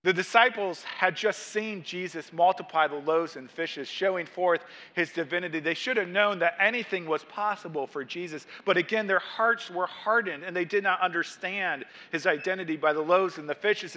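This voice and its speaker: Bright, high-voiced male preacher. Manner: expository preaching, reading scripture aloud with rising emphasis. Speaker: pastor. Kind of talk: sermon.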